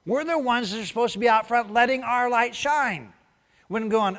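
High-voiced male preacher in a reverberant hall. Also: moderate pace. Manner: preaching with sudden swings between loud urging and soft hushed asides; rhetorical questions and short punchy answers. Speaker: pastor. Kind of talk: sermon.

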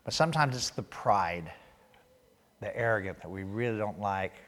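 A man's voice: fairly low pitch, expressive, moderate pace, a bit bright. A male pastor preaching a sermon in a church, talking conversationally and tossing joking asides to the congregation.

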